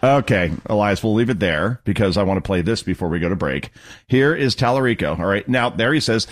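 A man's voice: fairly low pitch, animated, brisk. Sarcastic man hosting talk radio. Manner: sarcastic, mocking asides. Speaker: radio talk show host. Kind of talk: political talk radio commentary.

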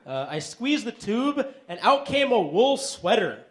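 A man in his thirties delivering stand-up one-liners in a deadpan way, with filler "uh"s. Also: very high voice, a little slow, a little hiss or hum. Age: 30s. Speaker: stand-up comedian.

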